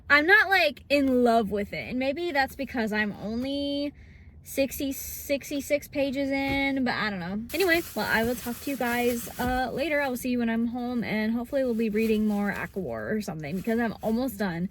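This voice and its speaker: A woman's voice: a little high, expressive, normal speed, a bit bright. A young woman chatting casually in a book vlog, bubbly and full of fillers. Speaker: book vlogger.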